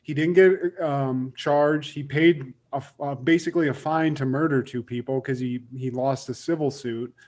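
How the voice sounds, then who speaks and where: A man's voice: mid-range voice, fairly even intonation, moderate pace, few pauses, a little mellow. A young man co-hosting a podcast, chatting casually and animatedly, swearing and acting out quotes as he tells a story. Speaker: podcast co-host.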